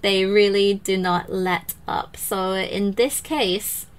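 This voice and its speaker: A woman hosting a podcast, chatting casually and animatedly, often mimicking others. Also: clean tone. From English-speaking country. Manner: animated, quick to mimic others in high voices. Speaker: podcast host.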